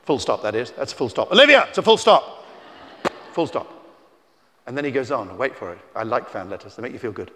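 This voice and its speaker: A man, a children's author, telling stories to a young audience in a theatrical, teasing way, shifting between shouts and hushed asides, recorded on a tie-clip mic at an indoor festival venue. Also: on the low side, fast talker, a little hiss or hum. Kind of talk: live storytelling talk to children. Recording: reverberant hall.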